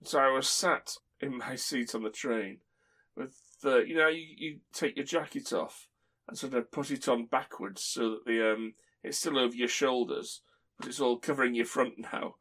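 Podcast host, chatty storyteller, mid pitch, chuckles a lot. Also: male voice, normal speed, a bit bright. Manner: rambling, chuckles while telling stories. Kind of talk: casual chat.

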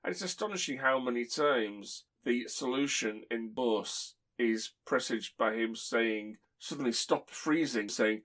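Podcast host, chatty storyteller, mid pitch, chuckles a lot. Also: male voice, measured pace, few pauses, a bit bright. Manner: rambling, chuckles while telling stories. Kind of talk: casual chat.

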